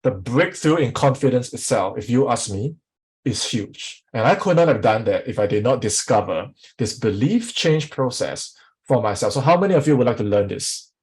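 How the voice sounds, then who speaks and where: A man as a sales coach teaching a live online workshop, energetic and often putting questions to the audience. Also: mid-range voice, normal speed, breathy edge, poor audio.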